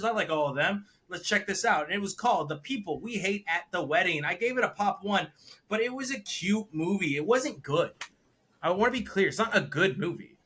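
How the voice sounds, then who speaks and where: A man with a bright, forceful voice, pitched a bit high for a man, talking casually on a podcast about the films he watched. He gets animated and throws himself into the lines he quotes. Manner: animated, acts out quotes with big jumps in pitch and volume. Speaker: podcast co-host reviewing films. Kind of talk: casual chat.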